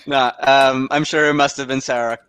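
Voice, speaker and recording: A man's voice: mid-range voice, flat delivery, normal speed, fairly bright tone, clear, resonant tone, no room sound. A young man from Canada hosting a stand-up comedy show over a video call, rambling and self-deprecating, often laughing at his own jokes.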